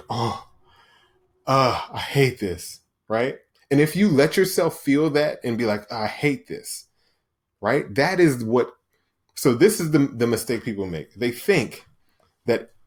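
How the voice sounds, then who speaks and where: A man with an ordinary mid-range voice talks straight to his listeners in a motivational monologue. He is emphatic and punchy, often asking "right?" and slipping into the voices he describes. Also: medium pitch. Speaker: podcast host.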